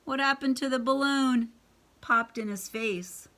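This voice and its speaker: A storyteller reads a picture book aloud to children, breaking in with chatty asides and questions for her young audience. Her voice sits high, pushed and bright, and she takes her time.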